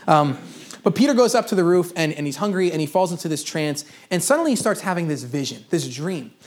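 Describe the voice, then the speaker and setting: A man's voice: on the high side, animated, brisk. Man preaching a casual, joking sermon. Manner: casual storytelling with self-deprecating humor and asides. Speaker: pastor.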